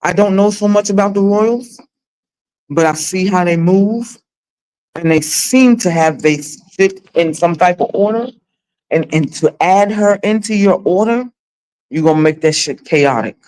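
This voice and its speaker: A woman's voice: on the low side, a little slow, a little mellow, low-quality recording. A woman in her forties hosting a livestream, chatting casually with blunt, profane, dramatic storytelling. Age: 40s. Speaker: livestream host.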